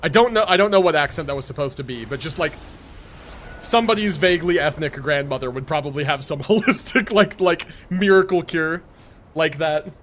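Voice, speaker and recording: A man's voice: fairly high pitch, animated, a little fast, a bit bright, a little hiss or hum. A man live-streaming a video game, joking and rambling through casual commentary with plenty of swearing. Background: game music.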